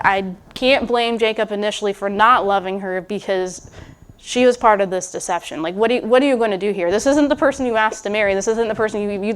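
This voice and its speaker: A woman with a clean-toned, mid-range voice preaches as a guest in a conversational, musing manner. She restarts, wanders into asides, and occasionally speaks a biblical character's thoughts aloud.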